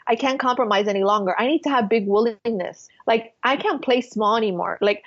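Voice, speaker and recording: A woman's voice: on the high side, brisk, muffled recording. A woman guest on a podcast, telling a spiritual personal story in an earnest, emotional way, full of fillers. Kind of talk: casual interview storytelling.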